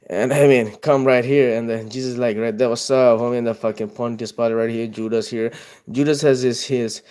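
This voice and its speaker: A man's voice: mid-range voice, fairly even intonation, a little fast, a little mellow, clean tone. Man rambling profanely while he draws. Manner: profane, tangent-hopping, chuckling often. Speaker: artist drawing on video. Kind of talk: rambling casual commentary while drawing.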